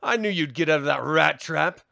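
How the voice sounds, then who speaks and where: A man voicing a gruff, hard-bitten army commander who talks low, grave and clipped. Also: moderate pace, sharp tone, no room sound, studio quality, exaggerated voice. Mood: grim.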